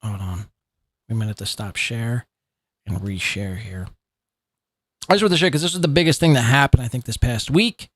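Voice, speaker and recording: A man's voice: medium pitch, normal speed, long pauses, a bit bright, no echo, studio quality. A man hosting a live commentary podcast, talking in a profane, mocking and rambling way. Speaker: podcast host.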